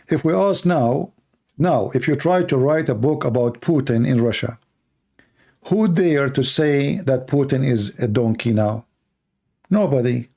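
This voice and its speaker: Blunt opinionated guy answering questions, gravelly dark voice, keeps repeating himself. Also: on the high side. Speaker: commentator answering viewer questions. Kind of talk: casual monologue, answering questions.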